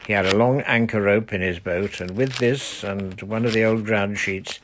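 Man, audiobook narrator, children's novel, expressive, lowish voice. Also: moderate pace, background noise.

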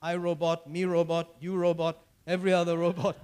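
A high-pitched male pastor delivers a sermon. He is in his fifties and talks in repeated phrases, pausing for the listeners to answer amen. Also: monotone, a little mellow, clean tone. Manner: preacherly, repeats phrases, calls for amens.

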